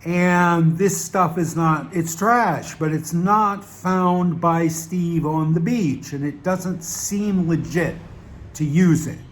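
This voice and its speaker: A man's voice: on the high side, slow. An older man talking casually to the camera in a rambling one-take monologue, full of fillers and repetition. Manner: rambling, repeats himself, many uh fillers. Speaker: vlogger.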